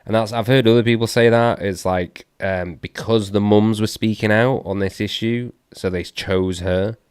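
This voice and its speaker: A man's voice: lowish voice, steady tone, normal speed, clear, resonant tone, no echo, clean studio sound. A man hosting a live stream, reacting to a clip with puzzled questions and thinking aloud. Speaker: livestream host reacting to a clip. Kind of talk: casual live commentary.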